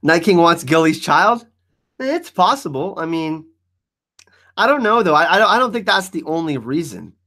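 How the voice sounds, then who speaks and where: A man hosting a live stream in a loose, joking way, answering his chat as he goes. His voice sits a little high for a man and swings up and down a lot, so he sounds animated. He talks casually and often trips over his words while reacting to comments. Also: normal speed.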